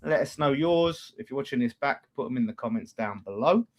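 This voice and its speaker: A man's voice: medium pitch, animated, brisk. A man co-hosting a football fan show, talking casually and bluntly, with plenty of swearing and restarts. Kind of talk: casual chat.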